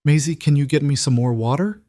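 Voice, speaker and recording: A man's voice: fairly high pitch, a little fast, mellow, dry recording, clean studio sound, pitched above the performer's own voice, lightly acted. A man playing a firm frontier healer woman. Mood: gentle. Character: young woman, frontier healer, urgent and steady.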